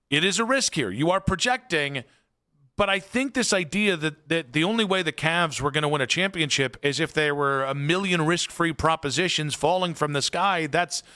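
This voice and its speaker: Bright, forceful sports radio man. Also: high-pitched, smooth. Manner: rambling, filler-heavy, opinionated. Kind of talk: casual sports talk. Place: radio studio.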